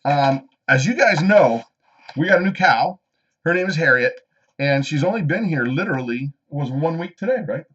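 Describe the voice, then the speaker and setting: A man's voice: fairly high pitch, animated, normal speed, a bit bright, breathy edge. A man hosting a homestead live stream, chatting casually and reading out viewer comments as he goes. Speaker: homestead channel host. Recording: slightly dull lo-fi live stream audio.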